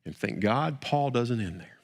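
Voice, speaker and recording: A middle-aged man, a pastor, preaching a sermon, stammering on repeated words and rising to emphatic peaks before dropping quiet. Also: expressive, unhurried. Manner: repeats words, builds to emphatic peaks then drops low. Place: church sanctuary. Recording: long hall reverb.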